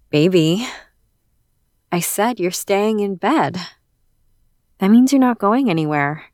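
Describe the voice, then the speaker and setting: A woman performing a romantic audio role-play, speaking softly and intimately to a listener, bossy at times and doting at others. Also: on the low side, no room sound, clean studio sound.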